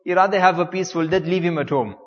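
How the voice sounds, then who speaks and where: Man doing a grave doctor, matter-of-fact, low-key, long hall reverb. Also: fast, lo-fi sound, lightly acted. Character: grave doctor giving bad news.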